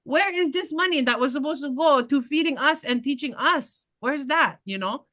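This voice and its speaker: Woman candidate, punchy bright voice, blunt and fired up at a town meeting. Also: high voice, expressive, normal speed. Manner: passionate, blunt, laughing asides. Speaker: political candidate. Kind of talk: community meeting talk.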